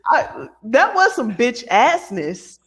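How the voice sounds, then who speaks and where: A woman's voice: a little high, very animated, a bit bright. Blunt woman podcast co-host. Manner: blunt, quick reactions. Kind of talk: casual comedic chat.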